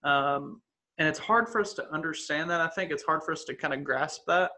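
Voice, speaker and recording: A man's voice: fairly high pitch, fairly quick, bright, forceful tone. A man in a casual church discussion, talking earnestly about a Bible story and restarting his sentences often. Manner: earnest, rambling with many restarts. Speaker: church leader in a podcast discussion.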